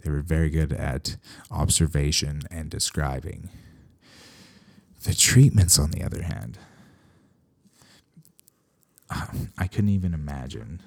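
Very deep, gravelly-voiced man. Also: mellow, no room sound. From Canada. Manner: rambling, wry, sarcastic asides. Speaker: veterinarian. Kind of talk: casual podcast talk.

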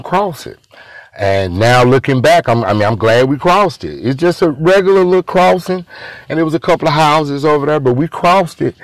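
A man's voice: mid-range voice, dry recording. Guy telling a story, rambles and repeats stuff, mid voice, dry close sound. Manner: rambling, repeats himself, addresses listeners as y'all. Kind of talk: casual spoken storytelling.

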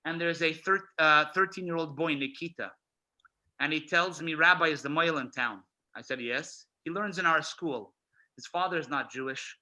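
Male rabbi, storyteller. Bright, slightly high voice, animated delivery with acted-out quotes. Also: poor audio. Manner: animated storyteller, acts out quoted voices, swings loud and soft. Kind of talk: storytelling speech to an audience.

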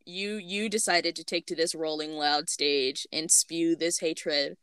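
A woman co-hosting a casual opinion chat, explaining at length in a measured way with many small fillers. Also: low-pitched, fairly even intonation, fairly bright tone, smooth, dry recording, clean studio sound.

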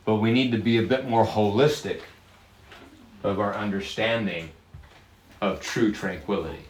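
A man preaching a sermon, lively and chatty with his congregation, slowing down to stress key words and laughing often. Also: fairly low pitch, reverberant, slight background noise. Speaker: pastor.

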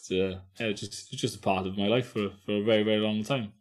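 A man with a fairly low voice talks as a podcast guest. He rambles through his stories with restarts and frequent laughter, in a loose conversational way. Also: steady tone, fast talker, a little hiss or hum. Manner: rambling storyteller, mumbles and restarts, laughs a lot. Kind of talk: casual chat.

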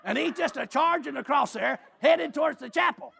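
Gravelly high-voiced preacher. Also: male voice, normal speed. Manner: animated, often shouting and laughing while telling a story. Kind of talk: storytelling sermon.

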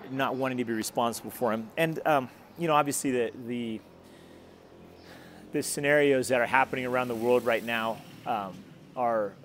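A man's voice: mid-range voice, slight background noise. A man preaching as a pastor in a conversational, earnest way, retelling a scripture story and leading a prayer. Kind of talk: sermon and prayer.

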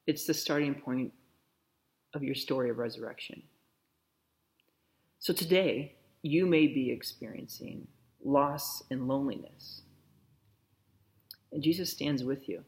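A man preaching a sermon in a slow, reflective way, softly repeating a blessing. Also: medium pitch. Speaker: pastor.

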